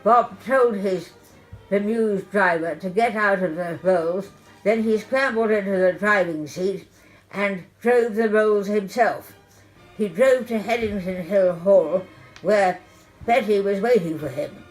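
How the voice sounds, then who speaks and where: A woman reading aloud from her own memoir in the first person, telling it in a brisk, deadpan comic way. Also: medium pitch, soft background music, rough recording.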